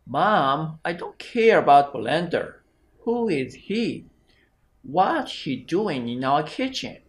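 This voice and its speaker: A man voicing a grieving young child in a slow, careful read-aloud of a story passage. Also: a little high, big pitch swings. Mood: upset.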